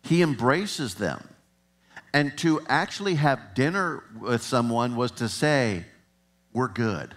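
A man's voice: medium pitch, a bit bright. A man preaching a sermon in a conversational way, chuckling at times and building to emphatic passages.

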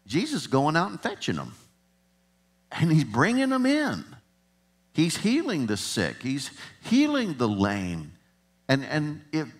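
A man's voice: medium pitch, fairly bright tone. A man preaching a sermon in a conversational way, chuckling at times and building to emphatic passages.

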